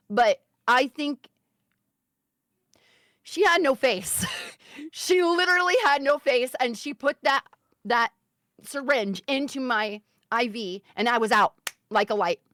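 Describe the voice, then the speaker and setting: A woman guest telling a personal health story in casual talk, earnest and emphatic, sometimes turning soft and serious. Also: high voice, dry recording, studio quality.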